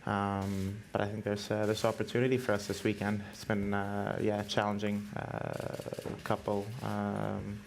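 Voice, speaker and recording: Male driver from Canada, monotone and gravelly, halting filler-heavy answers. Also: fairly low pitch, a little hiss or hum. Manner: hesitant, many fillers. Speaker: racing driver. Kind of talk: press conference answers.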